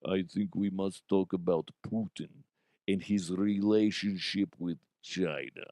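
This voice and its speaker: A man's voice: deep voice, steady tone, measured pace, warm tone, no room sound, clean studio sound, pitched below the performer's own voice. A man voicing a stern, rich man with a heavy Russian accent. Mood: ominous. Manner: grave, heavy, ominous.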